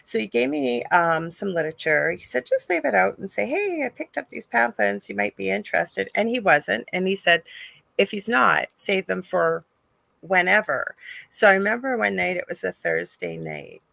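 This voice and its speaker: A woman's voice: medium pitch, animated, moderate pace, gravelly, a bit bright, dry recording. A middle-aged woman from Canada, a psychic medium guest, chatting in a talkative, storytelling way on a remote call. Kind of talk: casual podcast chat.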